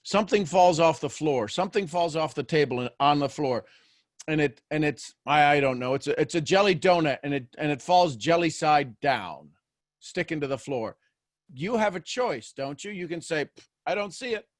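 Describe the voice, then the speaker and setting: A man's voice: a little high, animated, moderate pace, no echo, clean studio sound. A man hosting a daily motivational show, talking live to listeners. He keeps asking them questions and repeats phrases as he builds each point.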